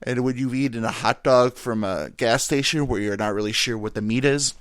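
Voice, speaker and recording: A man's voice: mid-range voice, moderate pace, no room sound, clean studio sound. A young man hosting a podcast, rambling in a casual, profane, self-deprecating monologue. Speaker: podcast host.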